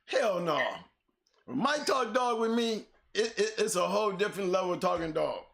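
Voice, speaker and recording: This podcast co-host, a man, has a high, gravelly, slightly bright voice that's expressive and moves at normal speed. Laughing hard, teary-eyed, and profane, he chats casually about a dog show. He's on camera beneath a bright light.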